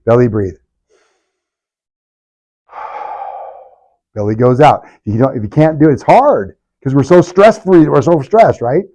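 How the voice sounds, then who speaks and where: A man's voice: mid-range voice, animated, slow, long pauses, mellow. A middle-aged man, a chiropractor, leading a live workshop with punchy talk, sarcastic asides and constant rhetorical questions.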